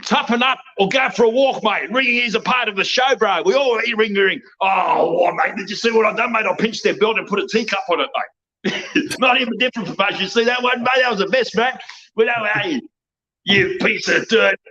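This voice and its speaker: Australian man, rambling unhinged rant, high pitched and bright, lo-fi call sound. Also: fairly quick. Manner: loud, boastful, laughing, slangy. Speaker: guest, wrestling promoter. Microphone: video call.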